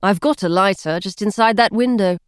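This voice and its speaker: A woman's voice: medium pitch, brisk, smooth, dry recording, clean studio sound, natural voice. A woman voicing a shy, diffident young man who speaks lazily. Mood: lazy. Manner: shy, lazy.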